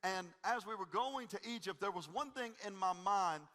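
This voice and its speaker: Lively high-voiced pastor. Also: male voice, moderate pace, long reverb tail. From Tennessee. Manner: energetic, joking, folksy. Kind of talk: sermon with humorous storytelling. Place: church stage before a congregation.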